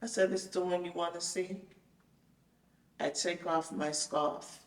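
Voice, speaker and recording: A woman guest casually tells her story of her experience in a loose, lively way, acting out each exchange she remembers. Her voice is lowish and slow, heard from a distance in a roomy space that rings with echo.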